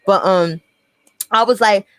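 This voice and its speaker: A woman's voice: medium pitch, takes it slowly, clean tone, no echo, poor audio. Young woman, New York accent, casual storytime vlog, blunt and cursing, dry close mic. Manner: blunt, profane, addresses viewers directly. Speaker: vlogger telling a personal story.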